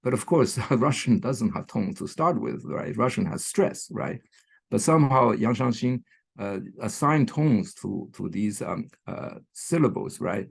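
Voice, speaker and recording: A man's voice: medium pitch, lively intonation, unhurried, gravelly, breathy edge. A man giving an online academic lecture, with many fillers, restarts and "right?" checks, recorded over a computer microphone. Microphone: computer mic on a video call.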